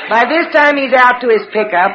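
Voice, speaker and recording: A woman's voice: fairly high pitch, moderate pace, a bit bright, some chatter behind. A woman telling a personal story to a live audience, dramatically acting out the voices of her family. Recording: roomy, dull recording with background noise.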